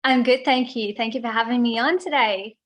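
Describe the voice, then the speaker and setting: A woman's voice: fairly high pitch, fairly quick, a bit bright. A woman from Australia with an Australian accent, a guest chatting in a friendly, easygoing way and laughing often. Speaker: guest singer. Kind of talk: casual interview chat.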